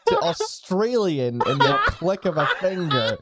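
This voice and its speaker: A woman's voice: on the low side, very animated, unhurried. Blunt, swearing woman player. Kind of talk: casual tabletop game chat. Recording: loud noise behind voice.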